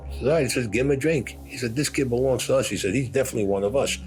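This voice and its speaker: A man's voice: medium pitch, rapid-fire, a little mellow, soft background music. An older man telling his own story bluntly, swearing freely and acting out what others said. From Brooklyn, New York. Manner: blunt, profane, acts out other people's lines. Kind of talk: first-person storytelling.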